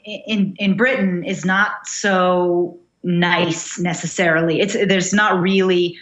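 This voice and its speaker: A woman's voice: fairly low pitch, fairly even intonation, slow pace, fairly bright tone, dull audio. Reflective young American woman, echoey. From United States. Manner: reflective, thinking aloud with many fillers and restarts. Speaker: guest writer. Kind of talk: casual interview conversation.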